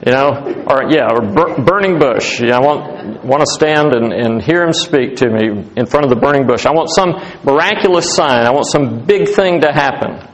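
A man preaching a sermon as pastor, animated, rising to emphatic highs and dropping to hushed tones. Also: moderate pace, hardly any pauses, rough recording.

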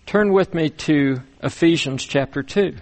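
A man preaching a sermon, speaking deliberately with frequent pauses and repeated words as he walks through scripture. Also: a little high. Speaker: pastor.

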